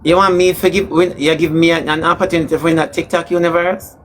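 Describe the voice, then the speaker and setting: A man with a Jamaican accent in a camp, sharp-tongued live chat, drawing out words slowly for comic effect. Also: fairly high pitch, level tone, slight background noise. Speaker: livestream personality. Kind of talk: sassy comedic live chat.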